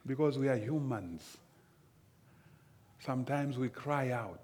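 A man preaching a sermon slowly and emphatically, often repeating phrases. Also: mid-range voice, darkish tone.

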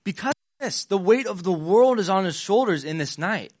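A man's voice: high-pitched, animated, moderate pace, a little mellow, no room sound, clean studio sound. A young man giving a casual sermon, retelling Bible scenes in modern slang and playing the parts.

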